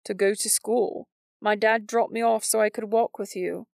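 A woman's voice: mid-range voice, fairly even intonation, normal speed, creaky, a little mellow, dry recording, studio quality, close to an everyday voice. A woman voicing an earnest, shy teenage boy who speaks sincerely and hesitantly.

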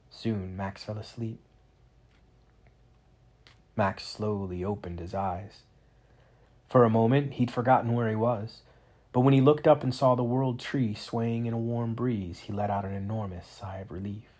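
Husky-voiced man reading a storybook aloud. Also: fairly low pitch, measured pace, pauses often. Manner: dramatic, expressive reading with rising emphasis. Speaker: narrator.

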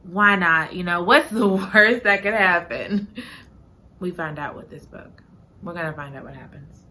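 A woman hosting a book podcast, chatting casually and reading a summary aloud, animated and quick to laugh at her own slips. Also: lowish voice. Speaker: podcast host.

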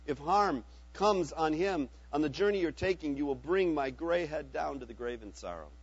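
A man's voice: on the high side, lively intonation, moderate pace, slightly rough, no echo. Man reading as a grieving old father, lamenting, muffled lo-fi recording. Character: grieving elderly male father.

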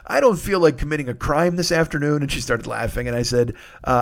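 A man hosting a podcast, telling a rambling, self-deprecating story in casual monologue and swearing freely, with sudden loud outbursts. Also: on the high side, fast, vocal fry, hardly any pauses. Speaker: podcast host.

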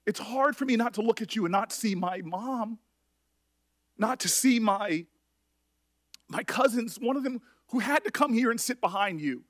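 A middle-aged man speaking at a hearing as a senator, emotional and halting, often restarting his sentences. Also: sits high, expressive, fairly bright tone. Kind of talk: emotional public address.

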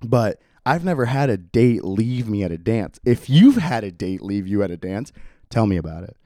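A man's voice: lowish voice, very animated, normal speed, mellow, no echo, studio quality. A young man hosting a solo podcast in a casual, rambling way, laughing often and saying "like" a lot. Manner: rambling, laid-back, laughs often, says "like" constantly. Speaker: podcast host.

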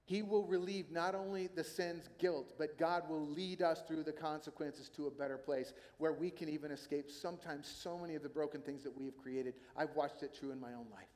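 A man preaching a sermon as a pastor, in a conversational, animated storytelling manner. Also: on the high side, fairly quick, hardly any pauses. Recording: long hall reverb.

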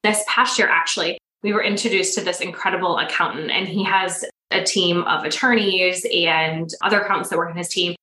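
A woman in her thirties talks as a podcast guest, a coach who brings her stories to life by acting out what people said. Her voice is bright and forward. The room around her gives a noticeable echo. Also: lowish voice, a little fast. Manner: animated storyteller, acts out quoted dialogue. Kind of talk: casual podcast interview.

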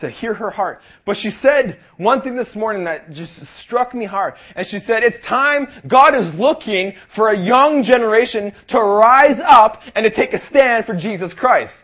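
A young man from Canada preaching with a high, lively voice, calling out for amens and building to shouts. The recording is dull and lo-fi. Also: moderate pace, hardly any pauses. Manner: energetic preaching, asks the crowd for amens, rises to shouts. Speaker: pastor. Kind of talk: sermon. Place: youth rally hall.

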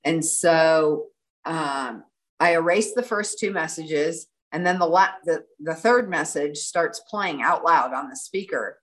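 A middle-aged woman telling an animated story in an interview and acting out the lines of the people in it. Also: low voice, slow pace, low-quality recording. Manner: animated, breathless storytelling with quoted dialogue. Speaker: guest.

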